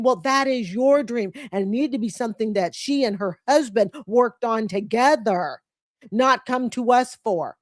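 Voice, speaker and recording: Woman in her fifties, blunt scolding commentary, fairly high voice, dry close sound. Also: normal speed, dry recording. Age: 50s. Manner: blunt and scolding, mocks with put-on quotes. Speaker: commentary channel host. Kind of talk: commentary on a clip.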